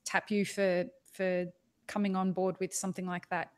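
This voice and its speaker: A woman with an Australian accent hosting a podcast interview, chatty and quick to joke. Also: lowish voice, flat delivery, noisy background. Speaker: podcast host. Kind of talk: casual interview chat.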